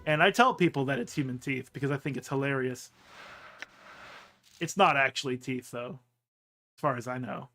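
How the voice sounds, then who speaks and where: Chatty man playing a game, bright voice. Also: medium pitch, lively intonation, normal speed, long pauses, slight background noise. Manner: chatty, rambling asides, many "like" fillers. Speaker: let's play host. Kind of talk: casual game commentary and reading aloud.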